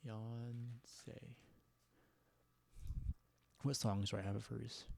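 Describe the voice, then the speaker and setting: A man hosting a casual live chat with callers, relaxed and stammering, often laughing. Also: mid-range voice, drawn-out words, gravelly, slight background noise. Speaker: livestream host taking callers.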